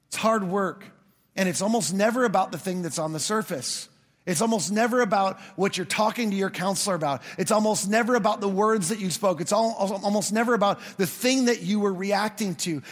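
A man's voice: high-pitched, fairly bright tone. A man preaching a sermon as pastor, in a conversational, storytelling way with touches of humor. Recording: long hall reverb.

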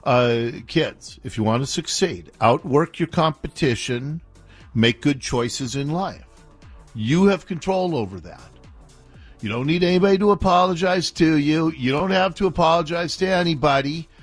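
Animated talk radio host, man. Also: fairly high pitch, moderate pace, soft background music. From Seattle area, USA. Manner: animated, indignant, playfully argumentative.

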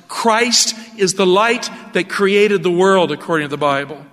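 A man preaching a radio sermon in an animated, emphatic way, asking his listeners rhetorical questions. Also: high voice, unhurried, in a large hall.

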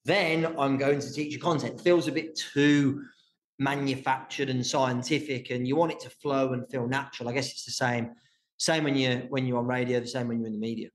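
A man's voice: medium pitch, fairly even intonation, a little fast. A man with a Birmingham accent hosting a casual podcast chat, friendly and self-deprecating. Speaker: podcast host.

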